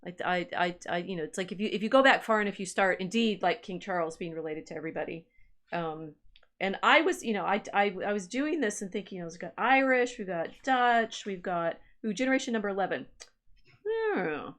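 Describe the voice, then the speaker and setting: A woman's voice: mid-range voice, lively intonation, brisk, a bit bright. A woman historian co-hosting a casual livestream chat, musing aloud as she reads through family records. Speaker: podcast co-host and historian.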